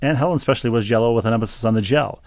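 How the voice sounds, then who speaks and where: A man's voice: medium pitch, racing, a little mellow, no echo, clean studio sound. A man co-hosting a podcast, reading listener mail aloud in a casual, joking way, often stumbling over repeated words. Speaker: podcast co-host.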